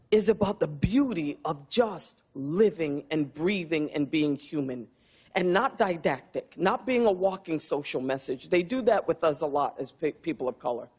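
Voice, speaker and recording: Backstage in a press room, a woman in her fifties, an award-winning actress, speaks reflectively and from the heart as an interview guest. Her voice is fairly low, darkish, and husky.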